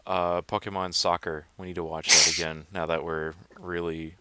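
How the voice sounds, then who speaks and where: A man's voice: sits low, flat delivery, moderate pace, very noisy. A man hosting a livestream in casual chat, jokey and laughing often.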